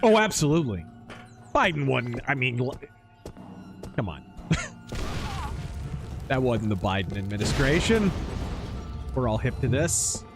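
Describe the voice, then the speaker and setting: A man's voice: medium pitch, big pitch swings, a little slow, vocal fry, pauses often, music in the background. A man streaming a video game, chatting casually with blunt, sarcastic opinions. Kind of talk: casual live-stream chat while gaming.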